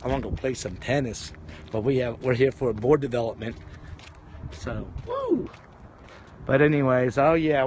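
A man's voice: medium pitch, slight background noise. A man livestreaming from his phone while walking around a tennis ranch outdoors, chatting casually and rambling in an upbeat way. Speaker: livestream vlogger. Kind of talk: casual walk-and-talk livestream.

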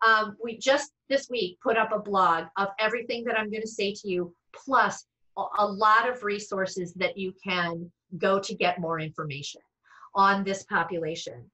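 A middle-aged woman speech-language pathologist explains cases to colleagues over a video call. Her voice is bright and forward, and she talks in a chatty way, restarting sentences and tossing in self-deprecating asides. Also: medium pitch, moderate pace, poor audio. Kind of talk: explaining to fellow clinicians.

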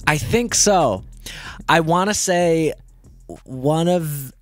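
A man's voice: on the high side, lively intonation, drawn-out words, no echo, faint music behind. A man co-hosting a video reaction show, making easygoing, wry remarks. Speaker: co-host reacting to music videos. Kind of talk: casual reaction chat.

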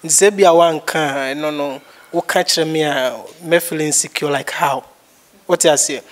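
A man's voice: fairly high pitch, a little slow. A man with a Ghanaian accent giving his views in a casual chat, rambling and repeating himself. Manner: rambling, repetitive. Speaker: guest.

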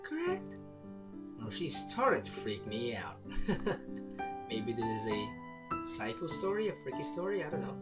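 A man's voice: medium pitch, sing-song, measured pace, loud music behind the voice. A man from the Philippines playing a visual novel, reading its lines aloud with playful, jokey asides. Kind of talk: let's play commentary and narration.

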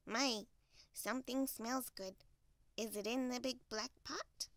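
A woman voicing a polite female duck in a storybook, with a bright, courteous manner. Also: on the high side, fairly even intonation, slow, no echo.

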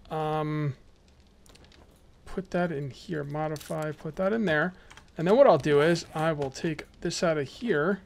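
A young adult man giving casual let's-play commentary as a gaming YouTuber, chatty and excitable, full of rambling asides. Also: fairly high pitch.

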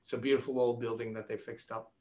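A man's voice: medium pitch, level tone, fast talker, a little mellow. An older man with a light New England accent talks casually as a guest on a video call. He rambles from one story to the next, joking along the way. He often restarts his sentences mid-thought. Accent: light Boston-area New England. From New England, USA. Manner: chatty, rambling, jokey with restarts. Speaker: guest pianist. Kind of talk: casual chat.

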